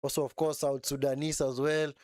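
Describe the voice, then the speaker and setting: A man's voice: medium pitch, flat delivery, a little fast, darkish tone, no room sound, clean studio sound. A man hosting a live football watch-along, casually calling the play and chatting with viewers. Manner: chatty, often ends phrases with "man", answers viewers in chat. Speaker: live stream host.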